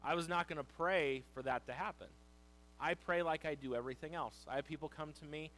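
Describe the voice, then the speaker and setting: A middle-aged man preaching a sermon as pastor, animated, leaning on key words and slowing down to read scripture. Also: fairly high pitch, slight background noise, rough recording.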